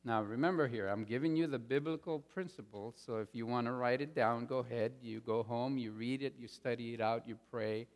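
A man preaching a sermon as pastor, stressing points loudly and then dropping to quiet asides. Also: mid-range voice, a little fast, few pauses. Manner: emphatic, swings between loud stresses and quiet asides. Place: church sanctuary. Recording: long reverb of a large hall.

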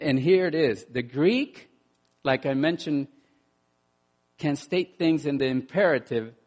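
A man preaching a sermon in an animated way, dropping to quiet asides and rising to loud bursts, often repeating words as he restarts. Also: on the high side. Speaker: pastor.

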